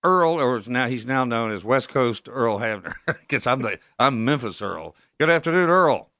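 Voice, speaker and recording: A man's voice: medium pitch, lively intonation, normal speed, bright, forceful tone, no echo. A man from Texas hosting a radio talk show, chatting folksily and chuckling often into a studio microphone. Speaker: radio host.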